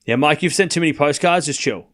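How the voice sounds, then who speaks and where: A man's voice: fairly high pitch, fast, a bit bright. A man livestreaming casual tennis play-by-play, calling scores and bantering animatedly with his chat.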